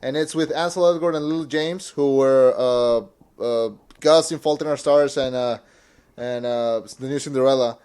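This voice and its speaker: A man co-hosting a casual movie podcast, excitable and stumbling over his words with frequent restarts. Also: medium pitch, moderate pace, clear, resonant tone. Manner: excitable, stammers and repeats words. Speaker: podcast co-host.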